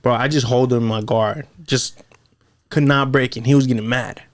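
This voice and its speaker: A man hosting a podcast in casual chat, telling an animated story and acting out what others said in raised voices. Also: mid-range voice, normal speed, no echo. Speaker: podcast host.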